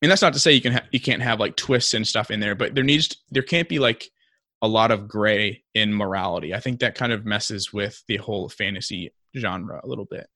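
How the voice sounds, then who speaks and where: A man's voice: lowish voice, brisk, sharp tone, no room sound, studio quality. A young man co-hosting a casual podcast discussion, talking in a chatty way with lots of fillers and restarts. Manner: chatty, many likes and restarts, acts out quotes. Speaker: podcast co-host.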